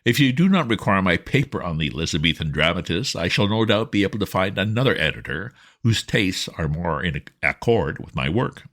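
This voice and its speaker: A man's voice: low voice, very animated, a little fast, hardly any pauses, fairly bright tone. Man doing a stiff pompous editor. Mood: offended. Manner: haughty, clipped.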